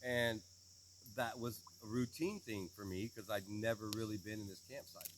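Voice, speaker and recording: A man's voice: fairly low pitch, normal speed, a little hiss or hum. A man co-hosting a casual outdoor chat, laid-back and rambling with chuckles. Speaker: co-host.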